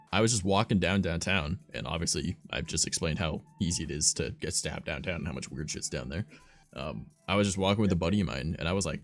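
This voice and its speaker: A man's voice: sits low, gravelly. A young man hosting a livestream, telling stories in a rambling, profane, filler-heavy casual way. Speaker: streamer host.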